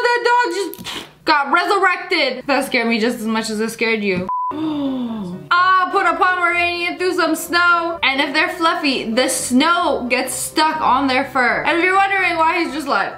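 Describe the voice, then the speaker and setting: High, lively woman reacting to clips. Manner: playful, slangy, quick joking asides. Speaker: reaction video host. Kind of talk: reaction commentary on short clips.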